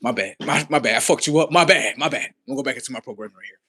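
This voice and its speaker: A man's voice: mid-range voice, lively intonation, fast talker, bright, forceful tone, slightly rough. A man streaming live, doing a profane, rambling comedic rant and arguing with himself.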